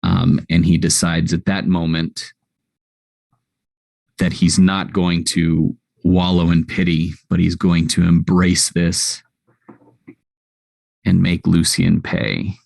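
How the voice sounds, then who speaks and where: Man, tabletop game player, deep gravelly voice, flat and slow, hesitant. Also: no echo. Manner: hesitant, with many ums. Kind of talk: describing his character in a tabletop game.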